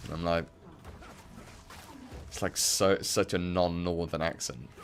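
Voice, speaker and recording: A man's voice: deep voice, fairly even intonation, a little slow, long pauses, fairly bright tone. A young English man from the Midlands chatting casually and rambling with many fillers while he plays a game on stream. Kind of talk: casual chat while playing.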